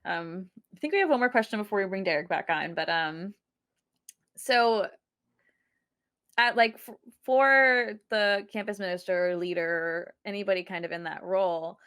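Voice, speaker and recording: A woman's voice: mid-range voice, normal speed, a bit bright, clean tone. A woman co-host asking questions in a conversational interview, reflective and full of fillers.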